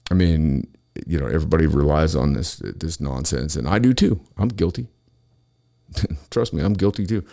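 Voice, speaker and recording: A man with a very low, gravelly voice rants on his own show. He talks angrily and swears constantly as he vents to his listeners. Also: moderate pace, dark tone. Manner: angry, profane, ranting. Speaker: podcast host. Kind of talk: solo political rant.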